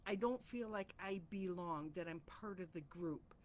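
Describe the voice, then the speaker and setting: A woman's voice: on the low side, unhurried, darkish tone, a little hiss or hum. A woman hosting a personal reflection talk, speaking in a heartfelt, rambling, self-searching way. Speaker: host of a reflection channel.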